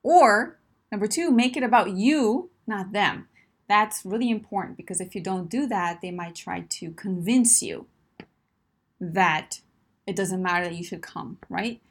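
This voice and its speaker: A woman's voice: mid-range voice, a little slow, breathy edge. A woman coaching listeners in a direct advice talk, emphatic and encouraging, often checking in with "right?" and "my friend".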